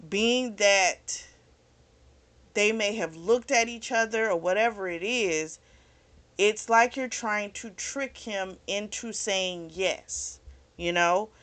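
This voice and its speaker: A woman's voice: medium pitch, slow pace, a bit bright. A woman hosting a book club video, giving a casual, blunt recap of a novel's plot and peppering it with swearing and "like.". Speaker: book club vlog host.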